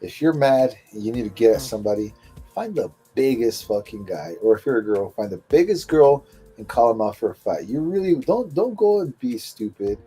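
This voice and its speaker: A man's voice: mid-range voice, expressive, brisk, dark tone, husky, faint music behind. A man in a casual chat, blunt and profane, reacting in short bursts.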